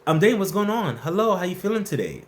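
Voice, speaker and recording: Lively, playful man hosting a livestream. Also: sits high, quick pace. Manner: lively, playful and slangy, greets chat viewers by name. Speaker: host of a workplace advice livestream. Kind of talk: casual live-stream chat answering viewer questions.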